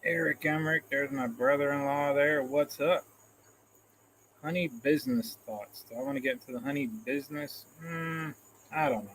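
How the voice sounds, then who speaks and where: A man's voice: fairly high pitch, normal speed, fairly bright tone, a little hiss or hum, rough recording. A man hosting a casual live stream, reading out comments in a rambling, self-deprecating way and chuckling often, into a phone camera. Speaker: livestream host.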